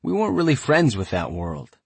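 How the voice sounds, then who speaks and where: A man's voice: mid-range voice, huge pitch swings, fairly quick, husky, no echo. A man reading an oral history audiobook, announcing each speaker's name and delivering the quotes in a loose, conversational way. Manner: conversational, reads each quote like casual speech. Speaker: audiobook narrator.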